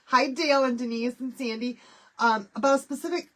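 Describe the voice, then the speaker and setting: Brisk and high-pitched, this craft livestream host from Michigan is a middle-aged woman who welcomes viewers by name in a bubbly, talkative way. A head cold leaves her sounding stuffed up and nasal.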